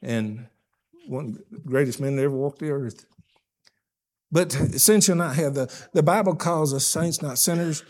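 Folksy older preacher, high-voiced. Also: male voice, measured pace. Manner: folksy, emphatic preaching that swings between loud stresses and hushed asides. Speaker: pastor. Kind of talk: sermon.

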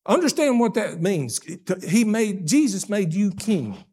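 An older man preaching a sermon as pastor, folksy and emphatic, swinging between loud stressed phrases and hushed asides. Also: high-pitched, sing-song, unhurried, slightly rough.

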